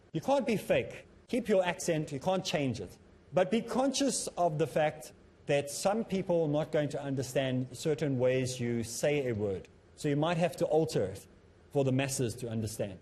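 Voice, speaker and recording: A man's voice: a little high, warm tone. A man presenting a televised lesson, speaking earnestly and instructively to the viewers from a studio. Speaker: TV presenter teaching public speaking. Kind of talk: studio lecture to camera.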